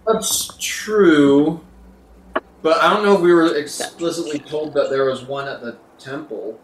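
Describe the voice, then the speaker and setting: A man's voice: on the high side, measured pace, reverberant, distant mic, a little hiss or hum, rough recording. A man playing a tabletop game, chatting casually with the group. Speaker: player.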